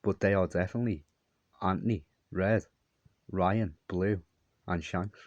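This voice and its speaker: A man's voice: low voice, fairly even intonation, a little slow, no room sound, highs cut off. A man telling a long, meandering story in a repetitive monologue. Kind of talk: rambling monologue.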